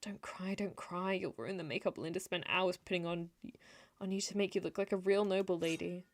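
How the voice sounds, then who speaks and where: A woman's voice: fairly low pitch, brisk. Woman streamer reading a story game aloud. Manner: animated, laughs often, breaks off to comment.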